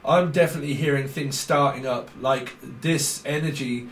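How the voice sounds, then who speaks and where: A man's voice: mid-range voice, fairly even intonation, normal speed, reverberant, soft background music. A man giving a casual tarot reading, playful and rambling, breaking into laughs often. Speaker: tarot reader.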